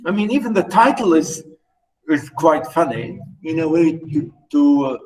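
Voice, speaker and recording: A man's voice: fairly high pitch, lively intonation, a little slow, a little mellow, low-quality recording. A man giving an unscripted poetry lecture to students, hesitating often, with many fillers and restarts, and checking in with his listeners.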